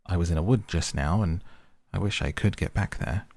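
A man's voice: deep voice, normal speed, creaky, a little mellow, no room sound. A man voicing a polite, nervous young girl in a storybook. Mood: impatient. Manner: frightened, then impatient.

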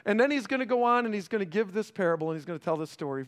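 A pastor preaching a sermon in a conversational way, often checking in with the congregation and dropping to a hushed, slow delivery for emphasis. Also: male voice, sits high, expressive. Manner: swings between raised emphasis and hushed, slowed delivery.

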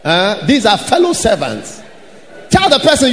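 Man, pastor, high voice, shouting sermon, echoing church hall, faint hiss. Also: wildly swooping pitch, unhurried. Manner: shouted, sing-song preaching with laughter and mimicry. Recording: hall reverb with faint noise.

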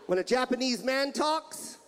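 A man performing a stand-up comedy routine on a club stage, with a loud, punchy, exaggerated delivery. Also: extremely high pitch, lively intonation, measured pace, clear, resonant tone. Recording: stand-up clip, loud crowd and noise.

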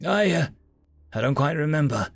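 A man voicing a young male familiar who talks in an earnest, halting, hesitant way. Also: on the high side, expressive, gravelly, no echo, voice pushed up.

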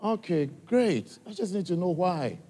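His mellow voice sits high and swings widely in pitch, and he speaks a little slowly. This man with an African accent addresses a church gathering, coaxing listeners directly with many questions.

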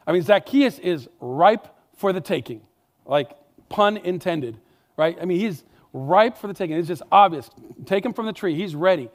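Brief: male preacher with a high-pitched voice, animated and emphatic, talking to the congregation in a chatty way. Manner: animated, emphatic, conversational asides. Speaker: pastor. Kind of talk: sermon.

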